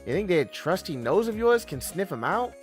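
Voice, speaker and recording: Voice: mid-range voice, big pitch swings, normal speed, soft background music, voice pushed up, lightly acted. A streamer reading the lines of a male ghost protagonist with lost memories, in a dry, mostly natural voice. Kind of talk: game dialogue read aloud.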